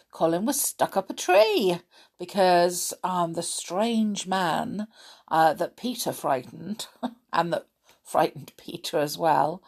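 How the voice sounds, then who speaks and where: A woman's voice: on the low side, gravelly. A woman podcast host who recaps the story in a chatty way, with fillers, then reads a children's book aloud.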